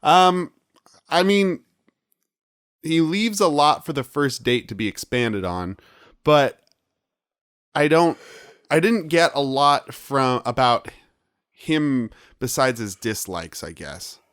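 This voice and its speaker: A man's voice: on the high side, animated, slow, pauses often, a bit bright, no room sound, clean studio sound. A man co-hosting a comedy podcast, joking and acting out silly bits in casual chat. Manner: jokey, acts out silly bits. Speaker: podcast co-host.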